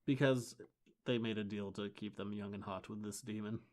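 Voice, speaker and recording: A man's voice: lowish voice, fairly even intonation, darkish tone. A man co-hosting a casual chat podcast, recapping comics with wry, enthusiastic asides. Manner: enthusiastic, wry, acts out lines in quick bursts. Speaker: podcast co-host.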